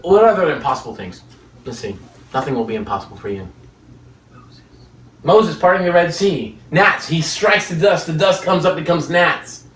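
A man's voice: fairly high pitch, lively intonation, moderate pace, a bit bright. A man preaching a sermon, telling stories with rhetorical questions and chuckles between points. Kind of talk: sermon with storytelling. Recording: echoey room, distant mic.

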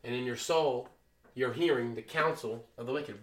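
A man preaching a sermon, emphatic and moving between loud and quiet. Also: medium pitch, moderate pace, roomy sound.

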